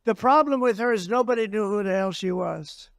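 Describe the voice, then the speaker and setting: A man's voice: sits high, a little fast, creaky, dry recording, clean studio sound. An older man giving a campaign rally speech, rambling and repeating himself with boastful asides. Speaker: political candidate. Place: political rally stage.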